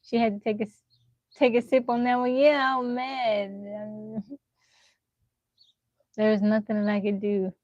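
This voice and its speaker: A young woman live-streaming from her phone, telling animated stories to her chat and laughing often. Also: medium pitch, unhurried, pauses often, dry recording, muffled recording. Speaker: livestreamer.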